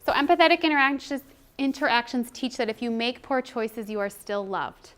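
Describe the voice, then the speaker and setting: Animated woman giving a talk. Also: a little high, brisk, clear, resonant tone. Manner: conversational, animated with acted-out child voices. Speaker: presenter on child emotional development. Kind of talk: presentation to educators.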